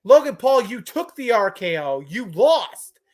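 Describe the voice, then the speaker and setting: A woman co-hosts a live wrestling podcast in a slightly high, somewhat mellow voice with big pitch swings, speaking a little slowly but emphatically and laughing often during the casual chat.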